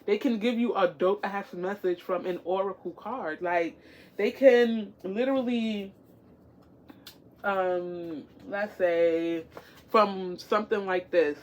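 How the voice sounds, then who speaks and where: A woman's voice: medium pitch, slow pace. A woman talking casually to the camera as a tarot-reading vlogger, encouraging and repetitive, with many fillers.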